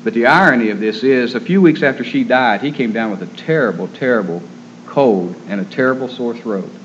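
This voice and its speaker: A man preaching a sermon in an earnest, gentle storytelling manner. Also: mid-range voice, brisk, slight background noise. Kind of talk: sermon on caring for the terminally ill. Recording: dull lo-fi recording.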